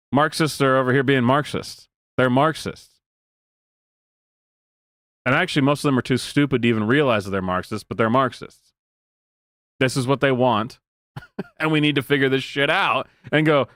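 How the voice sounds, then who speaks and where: A man's voice: medium pitch, normal speed, long pauses, a bit bright, no room sound. Sarcastic man in his thirties, dry close mic. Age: 30s. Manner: sarcastic, mocking, laughs often. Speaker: streamer reacting to clips. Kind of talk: casual live-stream commentary.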